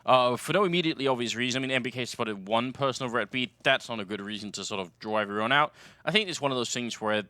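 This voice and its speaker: A man's voice: mid-range voice, fast, few pauses, bright, forceful tone, no echo. A man casting a live esports match, calling the action and trading dry, wry banter with his co-caster. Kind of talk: live play-by-play commentary.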